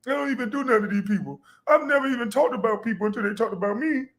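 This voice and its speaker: A man's voice: very high-pitched, very fast, a bit bright, voice pushed up. A man mimicking a whiny man who complains that people always pick on him. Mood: whining. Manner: mocking whine. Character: whiny self-pitying adult man playing victim.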